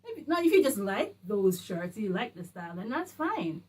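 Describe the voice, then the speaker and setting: A woman from the Caribbean talking casually to camera in a vlog, working through a numbered list in an animated, emphatic way. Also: medium pitch, moderate pace, slightly rough. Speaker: vlogger. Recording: a bit distant from the mic, faint music.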